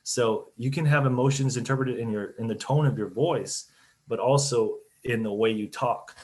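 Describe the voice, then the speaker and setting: Over a video call mic, a company CEO joins a business webinar panel with a medium-pitched, darkish voice and moderate pace. He's relaxed and talkative, often restarting sentences and leaning on fillers.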